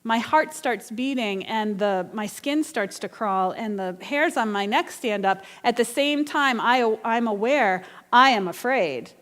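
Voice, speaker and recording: A woman's voice: fairly high pitch, long reverb tail. A woman minister delivering an earnest, conversational sermon with personal storytelling. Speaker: guest minister. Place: church sanctuary.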